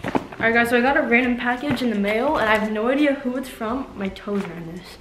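A young woman chatting casually to camera as a vlogger. She is excitable, says "like" a lot and swears casually. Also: fairly high pitch, a little fast. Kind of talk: casual vlog chat to camera. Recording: roomy echo with faint music behind.

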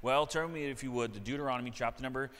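A man's voice: medium pitch, very fast, a bit bright. A middle-aged male pastor preaching a sermon in a church, earnest and repeating key phrases for emphasis. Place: church sanctuary. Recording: long church reverb.

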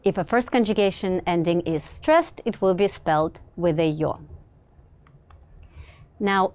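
A woman teacher explaining verb grammar in a clear, measured way, with occasional fillers and slower speech for example words. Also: mid-range voice, a little mellow, no room sound. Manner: slows down to model example words. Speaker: language teacher. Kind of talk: recorded grammar lesson.

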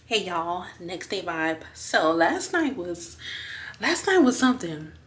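A woman's voice: on the low side, very animated, slow. Chatty young woman vlogging. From Houston, USA. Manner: chatty, addresses viewers as y'all. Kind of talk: casual vlog chat. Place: busy bar or restaurant. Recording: crowd chatter and noise behind.

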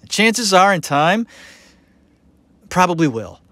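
Animated, opinionated male podcast host. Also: sits high, slow, no echo. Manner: animated, opinionated, rambling with fillers. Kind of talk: casual commentary.

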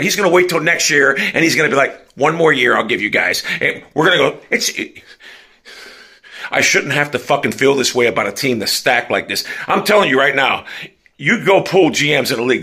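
A man's voice: on the high side, sharp tone. A man giving an angry, profane fan rant, furious and swearing constantly as he tears into his team. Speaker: sports fan commentator.

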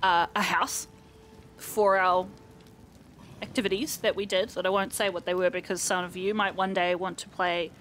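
A woman co-hosting a let's play, chatting casually and excitedly while playing. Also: fairly low pitch, moderate pace, faint music behind. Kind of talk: casual gameplay chat.

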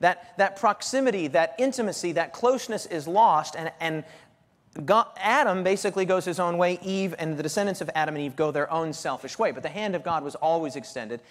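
A man preaching a sermon to a live audience, emphatic and animated, repeating phrases to drive points home. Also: sits high, fairly quick. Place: stage with lighting before an audience. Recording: hall reverb.

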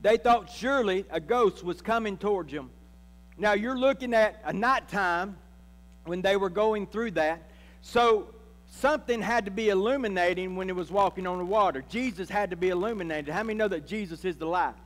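High-voiced preacher in a church hall. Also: male voice, normal speed, a bit bright. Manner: preaching with calls to the congregation. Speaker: pastor. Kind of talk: sermon. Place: church sanctuary.

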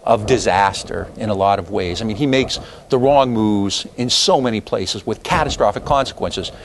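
A man's voice: on the low side, normal speed, slight background noise. A man lecturing a history class in a loose, digressive way, full of fillers and asides.

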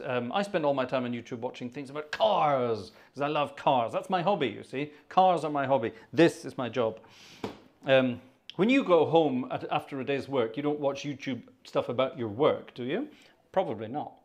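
A man's voice: mid-range voice, animated, moderate pace. A man hosting a live organ stream, chatting casually and muttering asides to himself between pieces.

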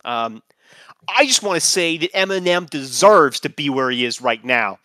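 A man's voice: a little high, expressive, normal speed, bright, forceful tone, dry recording. A man hosting a comedy podcast who reads old forum posts aloud in a laughing, mock-earnest way. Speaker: podcast host.

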